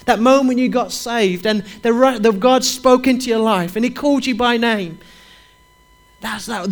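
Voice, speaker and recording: A man preaching a sermon, reading scripture aloud in a fervent, repetitive preaching cadence with rising emphasis. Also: high-pitched.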